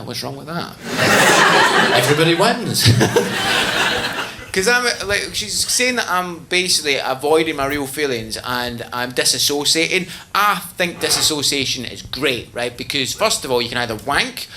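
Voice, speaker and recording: A man with a Glasgow Scottish accent doing stand-up, telling stories in an animated, laughing way. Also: on the high side, moderate pace, noisy background. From Scotland. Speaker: stand-up comedian. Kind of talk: stand-up comedy. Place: comedy club stage.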